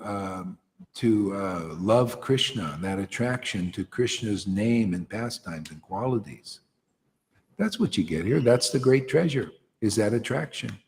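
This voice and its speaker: A man leading a devotional gathering, preaching informally with emphatic rhetorical questions that rise to near shouts. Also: medium pitch, big-room sound, slight background noise. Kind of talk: informal preaching to a small group.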